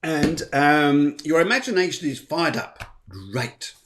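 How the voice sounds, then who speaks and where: A man's voice: a little high, expressive, slow pace, fairly bright tone, a little hiss or hum. A man hosting a live astrology show, chatting playfully and reading out viewer comments. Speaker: host.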